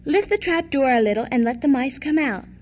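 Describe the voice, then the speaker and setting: A woman's voice: high-pitched, animated, fairly quick. A woman voicing a kind but commanding fairy godmother in a fairy tale, speaking firmly and unhurriedly.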